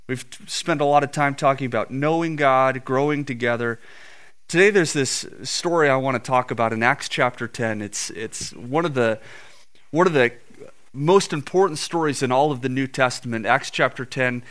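A man's voice: medium pitch, moderate pace, fairly bright tone. A male pastor preaching a sermon in a church, telling stories earnestly and often repeating words as he builds a point. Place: church with screens on stage.

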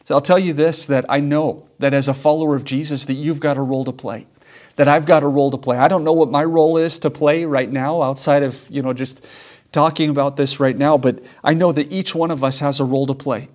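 A man's voice: a little high, fairly even intonation, a little fast, a little mellow. A man preaching a sermon as a pastor, earnest and emphatic, repeating key lines for weight.

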